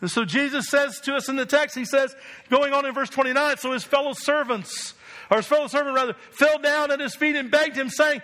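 A man's voice: extremely high pitch, normal speed, sharp tone. A man from New Jersey preaching a sermon as pastor, emphatic and asking the congregation rhetorical questions.

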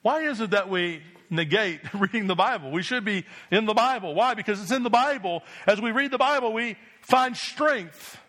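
High, bright-voiced preacher man. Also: expressive, moderate pace, hardly any pauses. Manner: emphatic preaching with repeated call-and-response "Amen?". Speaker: pastor. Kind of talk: sermon.

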